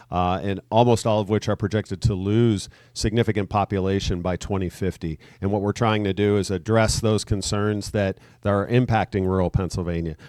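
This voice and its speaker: Man, low smooth voice, political speech, upbeat, dry close sound. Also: darkish tone, dry recording. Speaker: state legislator.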